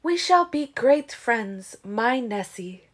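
A woman voicing a wild female vampire from the rainforest, speaking slowly and insistently. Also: on the high side, animated, husky, voice pushed up, full character voice.

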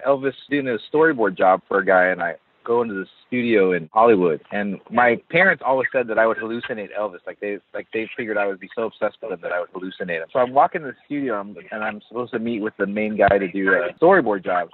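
Male artist guest, lively anecdotes with laughter, husky lowish voice, phone quality. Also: fast talker, few pauses, no room sound. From Southern California. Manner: animated, laughing storyteller. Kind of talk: casual interview chat. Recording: tinny phone-line audio.

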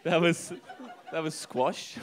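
A young man telling a comic anecdote on a live show, halting and self-deprecating, chuckling between lines. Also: fairly high pitch. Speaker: comedian telling a story.

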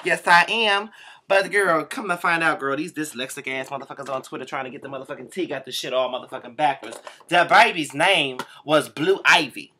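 A man's voice: on the high side, a little fast, sharp tone, a little hiss or hum. A man doing a sassy, profane comedic gossip rant, tagging nearly every line with "girl". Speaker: vlogger doing a comic rant. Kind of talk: camp comedic gossip monologue.

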